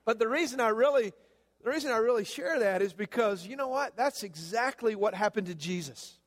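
A man's voice: high-pitched, lively intonation, brisk. A man with a Southern US accent preaching as a guest pastor, folksy and full of fillers, telling a humorous story in a sermon. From American South. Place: church sanctuary. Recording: long reverb of a church hall.

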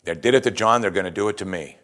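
A man's voice: lowish voice, very fast, fairly bright tone. A man giving a chatty, conversational Bible teaching, often putting rhetorical questions to his listeners. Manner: informal, chatty retelling of scripture.

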